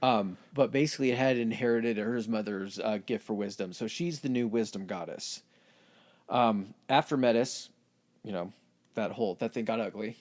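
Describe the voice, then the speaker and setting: A man's voice: on the low side, moderate pace, a little mellow. A man co-hosting a podcast, explaining myths in wry, chatty casual talk. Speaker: podcast co-host. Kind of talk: casual comedic chat.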